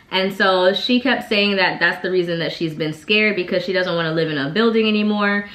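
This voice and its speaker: A woman's voice: lowish voice, a bit bright. A woman vlogger telling a personal story in a casual, chatty way, full of "like" fillers. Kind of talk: casual storytime while getting ready. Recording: echoey room.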